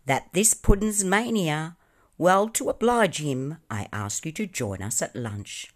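A woman voicing a rough-and-ready male sailor with hearty, blunt, slangy talk. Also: low voice, animated, a little slow, pitched above the performer's own voice.

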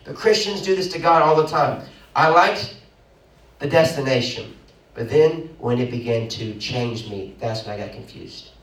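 Man preaching animatedly in a roomy church. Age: young adult. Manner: animated preaching with sudden loud high bursts and quick asides. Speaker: pastor. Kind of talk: sermon. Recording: roomy echo, mic at a distance.

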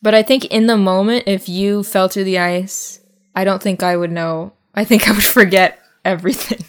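A woman's voice: mid-range voice, fairly even intonation, moderate pace. A young adult woman co-hosting a podcast, chatting casually and animatedly, laughing often. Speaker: podcast co-host. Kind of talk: casual chat.

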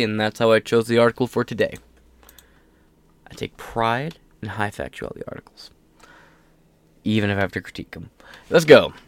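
A young man hosts a casual political commentary show, reading news aloud with rambling, profane asides and off-the-cuff remarks. His mid-range voice is clear and resonant, with no room sound.

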